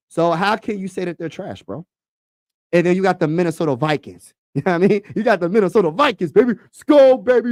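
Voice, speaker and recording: A man hosting a casual sports talk livestream, excitable and slangy, repeating himself and talking to his chat. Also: a little high, dry recording, studio quality.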